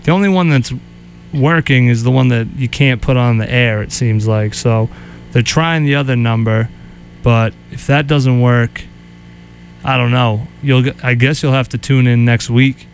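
A man's voice: mid-range voice, moderate pace, slight background noise. A man hosting a radio show in casual chat, wry and joking, grumbling about things he dislikes.

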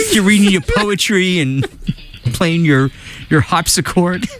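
A man's voice: sits high, takes it slowly. A man co-hosting a casual radio show, teasing his partner and laughing often. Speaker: radio co-host.

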